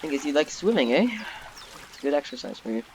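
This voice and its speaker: A young man giving casual, rambling commentary while playing a zoo game, getting excited easily. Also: mid-range voice, very fast, creaky, slight background noise. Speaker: gaming YouTuber. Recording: background game music.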